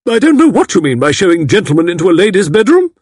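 A man's voice: high voice, sing-song, quick pace, darkish tone, breathy edge, no echo, clean studio sound, voice pushed up, full character voice. Man doing an indignant old aunt. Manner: haughty, scolding. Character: stern elderly aunt, indignant and disapproving.

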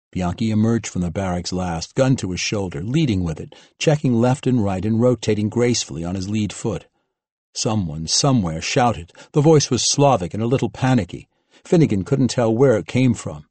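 A man narrating an audiobook in a steady, even manner. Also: fairly low pitch, normal speed, breathy edge, no room sound. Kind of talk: scripted narration.

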